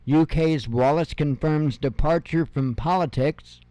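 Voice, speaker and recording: A man's voice: a little high, a little slow, dark tone, no room sound. A man in his fifties hosting an independent news show, reading headlines aloud and adding sarcastic asides and chuckles. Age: 50s. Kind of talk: casual headline reading with commentary.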